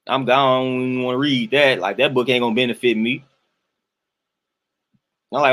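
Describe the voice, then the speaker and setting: A man's voice: mid-range voice, fairly even intonation, moderate pace, long pauses, fairly bright tone. A young man hosting a live-stream rant, answering his chat and sounding exasperated and emphatic, often repeating himself for effect. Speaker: host ranting to live chat.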